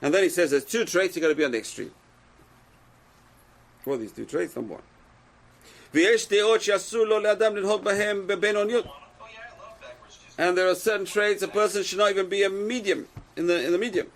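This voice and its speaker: Fast, gravelly man teaching a Torah class. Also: high voice. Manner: reads Hebrew texts aloud then translates and explains; asks rhetorical questions to the class.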